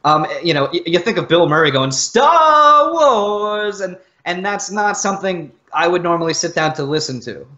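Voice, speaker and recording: Bright-voiced American man, lo-fi sound. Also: fairly high pitch, quick pace, few pauses. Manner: easygoing, repeats words as he starts. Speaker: co-host. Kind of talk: casual chat about music.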